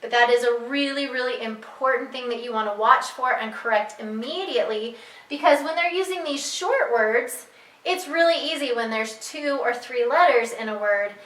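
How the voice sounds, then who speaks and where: Woman teacher talking parents through a reading program, bright voice, echoey room a bit far from the mic. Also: fairly high pitch, moderate pace. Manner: patient, repeats key points, stretches out sounds to demonstrate. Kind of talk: instructional talk to parents.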